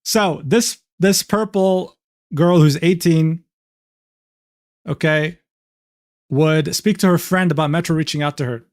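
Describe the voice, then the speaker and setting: A male streamer in casual, profane commentary, his voice sitting a little high for a man. The sound is close and dry, with no room around it. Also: a little slow, long pauses, darkish tone, no room sound. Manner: casual, swears freely, laughs often. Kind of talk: casual commentary reading DMs aloud.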